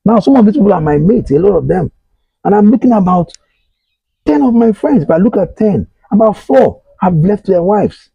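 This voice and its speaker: A man's voice: high voice, lively intonation, normal speed, creaky, husky, dry recording, muffled recording. A middle-aged Nigerian man hosting a talk show, giving earnest advice and repeating his points while speaking straight to his listeners. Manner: earnest, repetitive, addresses listeners directly. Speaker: host. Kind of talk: advice monologue.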